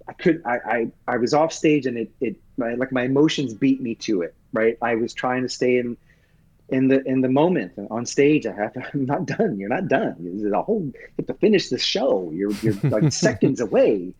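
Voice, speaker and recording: A man and Broadway actor, telling a personal story in an interview with earnest, halting emotion and frequent restarts. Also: medium pitch, darkish tone. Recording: dull lo-fi sound.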